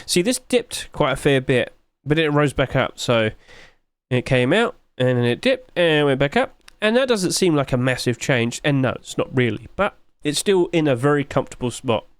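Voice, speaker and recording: A man's voice: animated, normal speed, clear, resonant tone, no room sound. Chatty sleepy man reviewing game skins. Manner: chatty, rambling, with sudden high-pitched exclamations. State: sleepy, yawning. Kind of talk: casual screen commentary.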